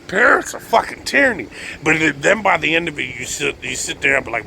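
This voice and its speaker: A man rambling in a profane, excitable monologue, laughing often as he talks. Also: a little high, fairly quick, creaky, background noise.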